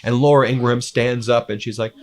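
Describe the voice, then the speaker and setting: A man's voice: medium pitch, normal speed. A man doing heated political commentary, indignant and scornful, with many "uh"s.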